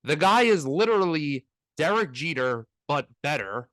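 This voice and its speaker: Man, sports podcast host, lively swinging pitch, dry close sound, ranting casual talk. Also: moderate pace, no echo. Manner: animated, ranting, mimics fans in mocking voices.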